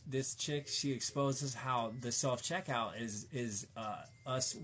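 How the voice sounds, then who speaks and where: A man's voice: mid-range voice, takes it slowly, fairly bright tone, slight background noise. A man in a casual, rambling chat, slangy and cussing, fired up and preachy as he talks to a viewer.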